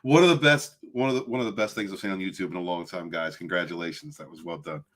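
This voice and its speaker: Um homem apresentando um podcast, animado, chamando os convidados de irmão. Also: male voice, low-pitched, fast, fairly bright tone. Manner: upbeat, calls guests brother. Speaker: podcast host. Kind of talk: casual podcast hosting.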